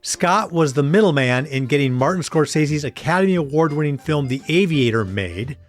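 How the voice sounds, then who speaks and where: A man's voice: on the high side, animated, normal speed, faint music behind. A man hosting a podcast, introducing the next story with a wry aside. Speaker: podcast host. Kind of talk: introducing segments.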